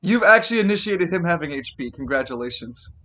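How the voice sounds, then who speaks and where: Man, bright lively game master, laughs easily, yells for comedy. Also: on the high side, a little fast. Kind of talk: running a tabletop game, laughing often.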